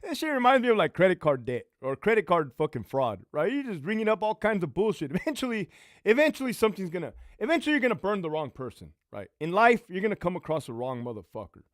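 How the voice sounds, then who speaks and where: A man's voice: high voice, fast, dry recording, clean studio sound. A man hosting a casual livestream, a former prison lieutenant answering viewer questions with blunt, profane stories. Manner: profane, blunt, animated storyteller.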